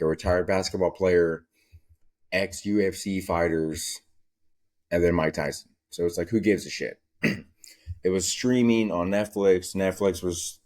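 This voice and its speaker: A man's voice: deep voice, a little mellow. A young man hosting a casual solo podcast, telling stories in a profane, rambling way. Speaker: podcast host.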